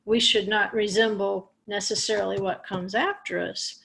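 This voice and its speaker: A woman's voice: medium pitch, steady tone, normal speed, vocal fry, a bit bright. A woman teaching a Torah portion lesson, explaining Hebrew words step by step with small restarts. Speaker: Bible teacher.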